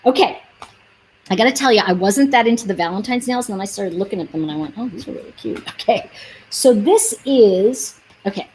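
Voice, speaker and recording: A woman's voice: mid-range voice, expressive, fairly quick, a little mellow, a little hiss or hum, poor audio. Woman livestreaming nail polish sales; chatty and rambling, answers viewers as she goes. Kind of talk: casual livestream chat with viewers.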